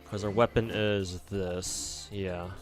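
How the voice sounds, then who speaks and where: Speaking slowly in a low, steady voice, this man mutters his way through a game stream, swearing freely and chatting casually. It's laid-back gameplay commentary over faint game music.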